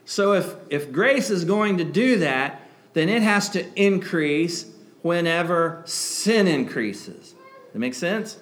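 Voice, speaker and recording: A man's voice: on the high side, expressive, slow, fairly bright tone. A man preaching a sermon in a conversational way, asking rhetorical questions and breaking into emphatic outbursts. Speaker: pastor.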